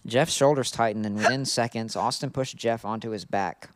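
A man's voice: mid-range voice, fairly quick, no room sound. A man co-hosting a podcast, chatting casually and reading fan fiction aloud while often laughing. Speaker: podcast co-host.

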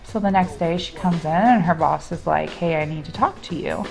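Faint music plays behind a woman co-hosting a podcast as she casually tells a funny story, voicing each person and often breaking into laughter. Her voice is deep and creaky, and her pace is brisk.

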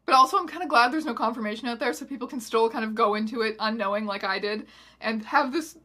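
Young woman host, wry comic reader, higher voice, animated. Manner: wry, animated, quick asides. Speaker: host reading a story aloud. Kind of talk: comedic dramatic reading with commentary.

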